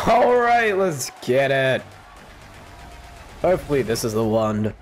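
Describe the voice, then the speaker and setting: A man commentating his own gameplay, excitable, swearing, yelping and laughing. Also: medium pitch, slow, soft background music. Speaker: gaming channel host.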